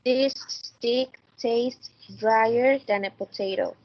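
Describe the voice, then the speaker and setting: A woman student slowly reading example sentences aloud in an online class. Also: a little high, lo-fi sound.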